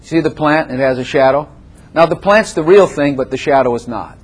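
A man preaching a sermon to a congregation in a church room, animated and repetitive, laughing often and quizzing his listeners. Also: fairly high pitch, moderate pace. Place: church room with chairs and a plant.

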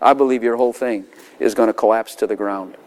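A man's voice: fairly low pitch, fast talker. A man preaching a sermon, telling stories with laughter and acting out quoted voices. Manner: animated storytelling with laughs, dramatic quoted voices.

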